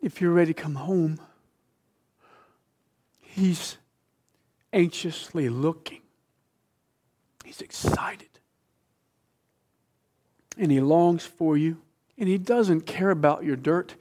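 A man preaching a sermon with emphasis, dropping from loud phrases to hushed whispers and asking the listeners questions like a teacher. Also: a little high, slow pace, pauses often.

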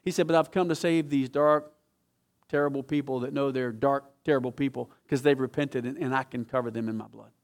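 A male pastor preaching a sermon in a church, swinging from quiet asides to loud, emphatic scripture reading. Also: mid-range voice, fairly even intonation, a little fast.

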